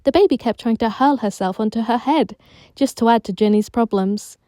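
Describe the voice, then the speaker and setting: A woman narrating a children's audiobook in a lively storytelling manner, recorded at home. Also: fairly high pitch, moderate pace, no room sound. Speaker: audiobook reader.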